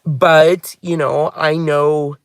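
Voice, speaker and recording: A man's voice: a little high, little pitch movement, very slow, smooth, no room sound, clean studio sound. A man hosting a craft channel, chatting casually and heartfeltly from inside a car, often drifting off on tangents. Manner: rambling, heartfelt, wanders off on tangents. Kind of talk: casual vlog chat.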